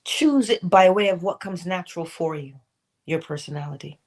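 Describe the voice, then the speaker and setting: This motivational morning livestream is hosted by a middle-aged woman who asks pointed questions and makes playful asides to herself. Her voice is fairly low with a darkish tone, at normal speed.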